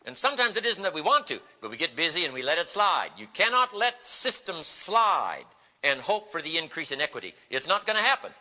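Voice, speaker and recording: Animated man telling seminar stories, bright voice. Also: a little high, brisk. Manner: animated storytelling, acting out quoted voices. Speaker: motivational speaker. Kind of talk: seminar storytelling speech. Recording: echoey hall recording.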